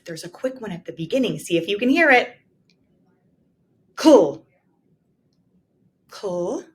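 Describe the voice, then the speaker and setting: Lady teacher walking little kids through a sentence real slow, sounding out every word, bit of faint noise behind. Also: medium pitch. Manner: slow, exaggerated sounding out of words. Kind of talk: modeled writing lesson for young children.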